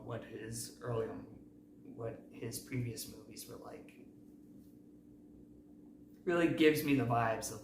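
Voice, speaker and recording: A man hosting a casual movie recap, talking in a rambling, self-correcting way. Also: medium pitch. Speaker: movie review host. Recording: roomy, distant mic, faint noise.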